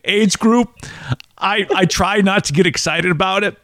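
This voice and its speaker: A man's voice: high voice, measured pace, fairly bright tone, dry recording, clean studio sound. A man in his forties hosting a podcast interview, chatting casually and telling playful, joking stories. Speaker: podcast host.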